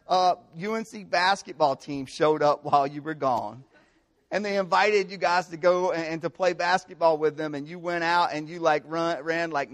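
A young man preaching a conversational sermon to students, with animated storytelling and frequent rhetorical check-ins. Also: a little high. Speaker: campus pastor.

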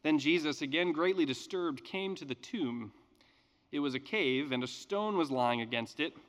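A man reading scripture and preaching a sermon in a measured, earnest way with emphatic pauses. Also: a little high, animated, a bit bright, long reverb tail. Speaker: pastor.

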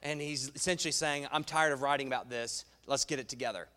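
A man preaching a sermon as pastor in a church, animated and playful, cracking jokes and asides. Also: medium pitch, fast. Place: church sanctuary. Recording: long reverb in a large hall.

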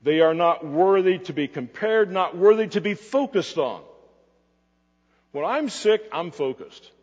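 A pastor preaching a sermon, animated and emphatic at times, dropping to quiet asides at others. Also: male voice, sits high, a little slow, slightly rough. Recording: dull lo-fi recording in a reverberant hall.

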